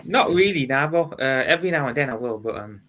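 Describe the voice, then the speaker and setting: A young man talking casually on an online stream, hesitant and filling pauses with ums and repeated nahs. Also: medium pitch, animated, a bit bright, slight background noise. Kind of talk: casual chat.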